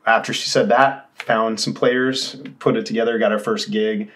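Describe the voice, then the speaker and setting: A man's voice: fairly low pitch, steady tone, normal speed, a bit bright. A man in his thirties, a musician guest, telling his story candidly in a casual interview, rambling with restarts.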